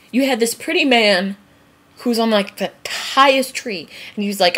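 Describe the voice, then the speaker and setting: A woman's voice: mid-range voice, moderate pace, a bit bright. A woman vlogger ranting casually and comically to camera, rambling, laughing at herself and swearing freely. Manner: rambling, giggly, swears freely, acts out quotes. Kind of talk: casual comedic rant to camera.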